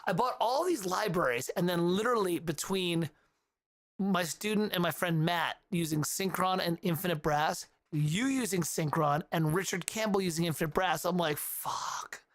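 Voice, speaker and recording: A man hosting a casual livestream, giving animated feedback on music and often humming the melodies aloud. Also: sits high, moderate pace. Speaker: livestream host reviewing music compositions.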